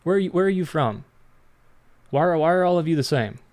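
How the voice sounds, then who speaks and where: A man's voice: on the high side, lively intonation, fairly quick, over a noisy crowd. A man hosting a live online debate, bluntly pushing back on callers and accusing them of lying. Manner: combative, calls out lies, addresses callers bluntly. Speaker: livestream debate host. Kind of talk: heated livestream debate.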